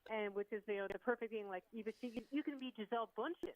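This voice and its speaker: A woman in her fifties, a sports broadcaster, chatting on radio as an animated storyteller who acts out quotes. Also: on the high side, racing, crowd noise, rough recording. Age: 50s. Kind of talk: casual sports radio chat.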